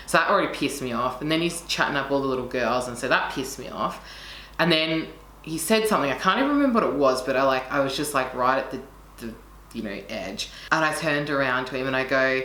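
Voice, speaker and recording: Bright, low-pitched passionate storyteller woman. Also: fast. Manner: passionate, swears a lot, acts out quotes. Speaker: co-host telling a story. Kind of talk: casual storytime chat. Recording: echoey room with faint noise.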